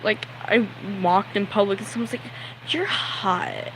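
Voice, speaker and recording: Rambling young man on a noisy livestream. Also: sits high. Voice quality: fast rambling talk full of "like", acting out the people in his stories. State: nervous and sweaty. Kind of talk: casual storytelling on a livestream.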